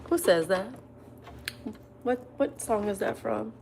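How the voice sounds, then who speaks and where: A woman hosts a laid-back livestream from her table at home, eating while she reads viewer comments aloud, laughing a lot and answering bluntly between bites. Her voice is a little high and creaky, she takes things slowly, and there's background noise.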